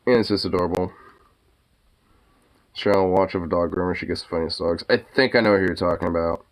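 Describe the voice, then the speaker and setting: In a casual stream, a man coos baby talk at his dog, chats with viewers and swears freely. His voice sits low, with fairly even intonation and a brisk pace.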